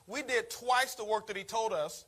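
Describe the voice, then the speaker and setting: A man giving an energetic motivational talk, telling his story and calling the audience "guys.". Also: sits high, normal speed. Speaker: network marketing speaker.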